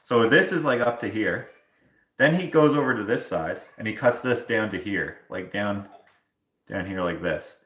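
A Canadian man livestreams from his home kitchen, washing dishes while he tells casual stories. His voice is lowish and at normal speed, with reverberant sound, and he animatedly acts out the other people in his tales.

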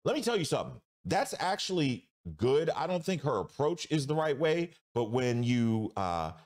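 A man hosting a reaction commentary show, talking emphatically and reacting with drawn-out exclamations. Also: medium pitch, big pitch swings, darkish tone. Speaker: host.

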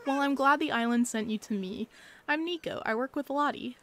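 A woman voicing a cheerful, proud young male monkey guide in a bright, eager way. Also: sits high, a little fast.

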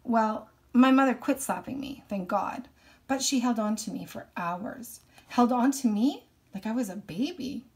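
A woman's voice: on the high side, animated, measured pace, a little mellow. A woman reading a novel aloud and explaining it thoughtfully between passages.

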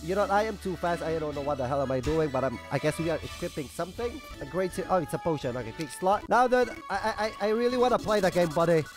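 A young man with a high-pitched voice that sounds stuffy from a cold, grumbling and swearing his way through a sarcastic gameplay commentary. Loud game music plays clearly underneath his voice throughout. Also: fast talker, hardly any pauses. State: has a cold. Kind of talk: casual let's-play commentary.

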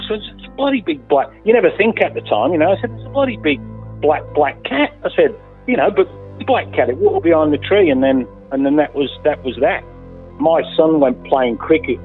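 Husky Australian man on a phone line. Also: medium pitch. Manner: emphatic, swears freely, repeats himself. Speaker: interviewee, landowner. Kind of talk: casual storytelling. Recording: tinny phone line with faint music.

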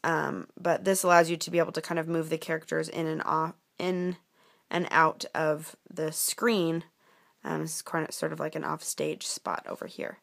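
A woman's voice: sits low, level tone, moderate pace, gravelly. A woman teacher giving a casual app tutorial, with frequent filler words as she explains.

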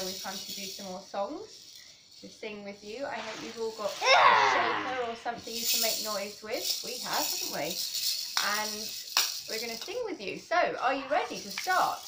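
A woman leading young children in singing nursery songs, talking cheerfully between them. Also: on the high side. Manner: cheerful, sings simple rhymes with children. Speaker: children's song leader. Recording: echoey room with loud background noise.

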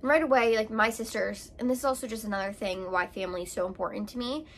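A woman's voice: mid-range voice, fast, a bit bright. A woman vlogger telling a personal story to camera in a casual, rambling way, full of fillers and restarts.

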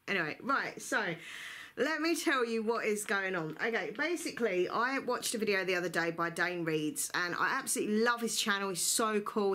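A book vlogger chats to camera about books in a bubbly, casual way, laughing frequently. Her medium-pitched voice sounds pushed and bright.

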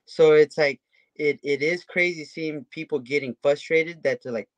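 A man co-hosting a podcast in casual conversation, animated and asking rhetorical questions. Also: a little high, normal speed, no echo. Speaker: podcast co-host.

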